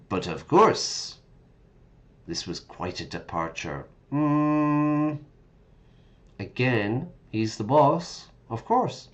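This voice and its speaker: A man's voice: mid-range voice, big pitch swings, drawn-out words, lo-fi sound. A man reading game text aloud and patiently explaining words to English learners, often checking in with listeners. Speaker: English teacher streaming a game.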